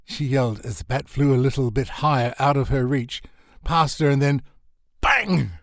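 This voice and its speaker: A man narrating a comic novel as an audiobook, expressive and swinging his pitch for comic effect. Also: brisk, dry recording, studio quality.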